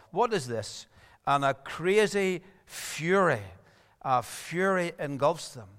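A man's voice: a little high, a little slow, a bit bright, long reverb tail. A man preaching a sermon, earnest and rising to emphatic appeals.

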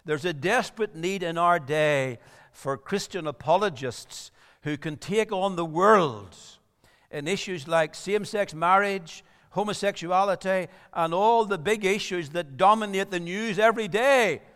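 A man's voice: sits high, unhurried, a bit bright, clean tone. Earnest male preacher in a reverberant hall. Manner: earnest, rising to emphatic preaching. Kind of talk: sermon.

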